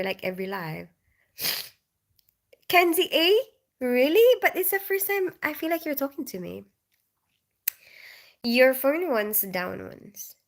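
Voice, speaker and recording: A woman's voice: a little high, vocal fry, fairly bright tone. A woman in her thirties who grew up in the Philippines, hosting a casual livestream, reading out viewers' comments and greeting them by name in a friendly way. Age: 30s. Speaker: livestream host.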